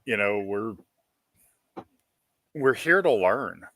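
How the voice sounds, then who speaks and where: A man's voice: on the low side, animated, slow pace, a bit bright, dry recording. A man as a podcast guest, musing aloud in a thoughtful, self-doubting way that trails off and restarts. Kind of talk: casual podcast chat.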